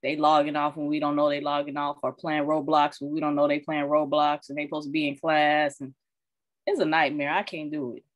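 A woman who is a parent and social worker, talking candidly and colloquially in casual chat, animated when she retells what others said. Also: low voice, a little fast, no room sound. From Arizona. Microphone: video call.

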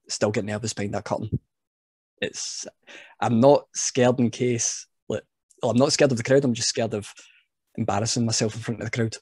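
A man's voice: lowish voice, breathy edge, dry recording, clean studio sound. A man, a wrestling referee guest, telling stories in a casual chat and laughing at himself. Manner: animated storyteller, laughs at himself.

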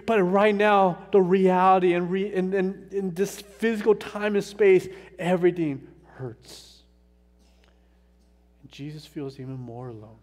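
Earnest man preaching in an echoing church. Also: high-pitched. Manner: earnest, slow and emphatic, dropping soft on painful words. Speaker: pastor. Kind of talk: sermon. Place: church sanctuary. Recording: long hall reverb.

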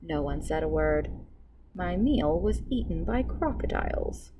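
A woman librarian reading a picture book aloud to children with expressive storytelling. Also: fairly low pitch, a little slow, background noise.

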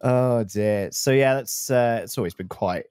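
This male co-host of a gaming channel has a medium-pitched, resonant, clear voice and speaks a little slowly, recorded dry with a clean studio sound. In a modded game let's play he keeps the gameplay chat casual. He comes across as playful and animated, with frequent laughter.

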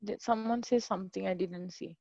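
A woman's voice: medium pitch, a little fast, gravelly, a little mellow, no echo, lo-fi sound. A woman tutoring English in a live online class, chatty and encouraging, greeting students by name.

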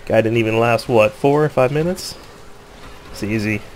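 A man's voice: mid-range voice, moderate pace, slight background noise. Laughing, joking young gamer man. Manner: laughs often, excitable, joking, self-mocking. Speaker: gamer commentating his own play. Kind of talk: casual gameplay commentary.

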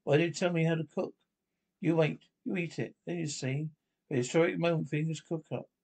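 A man's voice: a little high, steady tone, brisk, darkish tone, slightly rough. A man doing a huffy, proud ship's cook. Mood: indignant. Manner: huffy, boastful.

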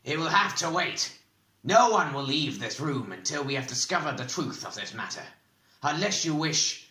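A man's voice: a little high, big pitch swings, normal speed, sharp tone, roomy sound. A man voicing a stern, cunning bald male interrogator who gives clipped, commanding orders. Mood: angry.

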